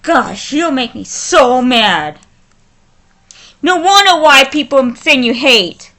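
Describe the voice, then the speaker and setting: A woman with a high, bright voice rants angrily to camera, stumbling and restarting her sentences. She speaks slowly and deliberately despite her fury. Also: lively intonation. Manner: furious, halting, with many restarts. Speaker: vlogger. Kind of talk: angry ranting vlog.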